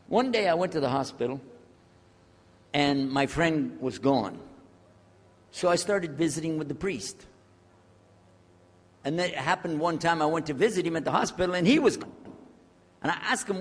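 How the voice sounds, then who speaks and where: An older American man telling his own story to an audience, acting out the dialogue with big swings in loudness. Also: fairly high pitch, lively intonation, normal speed. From USA. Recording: long hall reverb.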